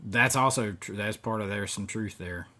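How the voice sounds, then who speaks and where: A man's voice: on the low side, normal speed, pushed and bright. A middle-aged man hosting a live stream, chatting casually and rambling as he reads viewer comments, often chuckling between thoughts.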